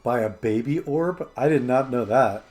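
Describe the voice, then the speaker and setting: A man's voice: medium pitch, moderate pace, a little mellow, a little hiss or hum. A man hosting a gaming stream, chatting casually and rambling through stories with lots of 'like' fillers. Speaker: streamer host. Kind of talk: casual chat while gaming.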